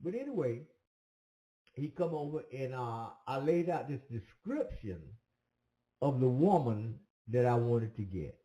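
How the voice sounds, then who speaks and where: Mellow, animated man telling a story. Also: medium pitch, measured pace, lo-fi sound. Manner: rambling, hesitant, with many fillers. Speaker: commentator. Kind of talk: casual storytelling. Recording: roomy echo.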